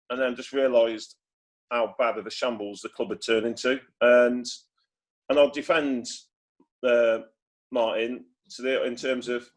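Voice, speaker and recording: Man, mid pitch, loose rambling storyteller on a video call. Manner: chatty, rambling with many restarts and acted quotes. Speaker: former footballer guest. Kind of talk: casual storytelling.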